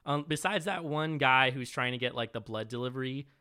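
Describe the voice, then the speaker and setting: A man in casual chat about a movie, telling scenes in an animated, swearing way. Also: medium pitch, brisk, clean tone.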